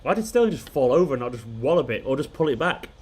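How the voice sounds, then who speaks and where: A man's voice: medium pitch, sing-song, fast talker, a little mellow, breathy edge. A man, hosting a casual football watchalong stream, rambling and chuckling as he talks. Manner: rambling, chuckling, restarts sentences. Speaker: football fan channel host. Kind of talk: casual live watchalong chat.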